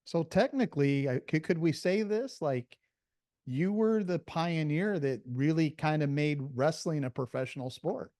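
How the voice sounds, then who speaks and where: A man's voice: a little high, measured pace, warm tone, no echo, clean studio sound. A man hosting a podcast interview, restating his questions again and again before he lands on them. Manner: rambling, rephrases his questions several times. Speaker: podcast host. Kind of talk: casual interview.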